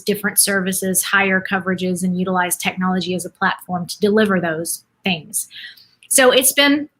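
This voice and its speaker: A woman's voice: mid-range voice, a bit bright. A middle-aged woman from Dallas, telling her story as a guest in a casual podcast chat. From Dallas, Texas, USA. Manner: chatty, storytelling, laughs easily.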